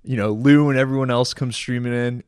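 A man, a military veteran, recalling combat in a relaxed, chatty podcast conversation. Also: mid-range voice, fairly quick, clear, resonant tone, no room sound, clean studio sound. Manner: relaxed, chatty retelling with friendly asides. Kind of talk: casual storytelling conversation.

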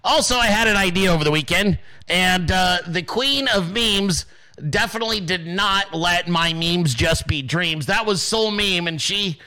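A podcast host with a high, bright voice rambles through casual commentary. He swears freely and breaks into laughter often. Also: a little slow.

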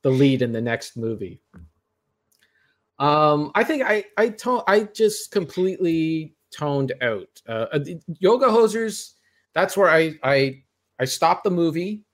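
A man's voice: a little high, sing-song, measured pace. A man hosting a podcast, chatting casually and giving his blunt, rambling opinions. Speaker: podcast host. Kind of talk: casual chat.

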